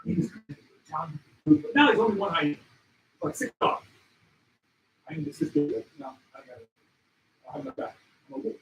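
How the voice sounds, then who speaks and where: Excitable guy with a high bouncy voice telling safari stories, echoey hall, faint noise behind. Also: fairly quick, gravelly, pauses often, distant mic. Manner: excitable, shouts at peaks, acts out animals. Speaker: wildlife photographer giving a talk. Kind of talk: animated storytelling presentation. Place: expo hall. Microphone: handheld mic.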